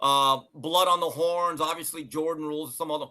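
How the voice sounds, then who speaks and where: A man with a high, bright, ringing voice hosts casual sports talk. He tells stories with animated emphasis and swears freely. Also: a little fast. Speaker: sports show host.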